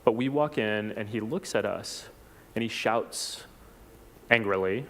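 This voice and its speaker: A man from South Texas giving a reflective personal talk at a church forum, unhurried, with small restarts. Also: on the low side, slight background noise. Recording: long hall reverb.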